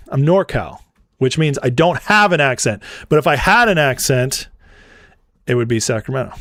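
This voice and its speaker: Playful, mock-indignant livestream host. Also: male voice, fairly high pitch, fairly bright tone, dry recording, studio quality. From Northern California. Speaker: livestream political commentary host. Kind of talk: casual livestream chat reading viewer comments.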